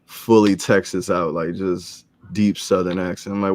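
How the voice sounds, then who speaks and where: A man's voice: low voice, level tone, moderate pace, darkish tone. A man in a casual podcast chat, telling stories in a laid-back, drawling way. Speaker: podcast guest.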